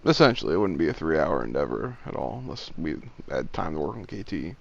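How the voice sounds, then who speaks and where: A man leading a game raid over voice chat, giving brisk instructions. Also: very deep voice, sing-song, vocal fry, dull audio. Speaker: raid leader.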